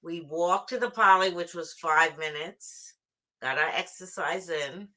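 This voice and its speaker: A woman with a New York accent chats easily on a live stream, running through her day. Her voice is on the low side for a woman but sounds bright and forceful. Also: measured pace. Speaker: guest. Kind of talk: casual live-stream chat.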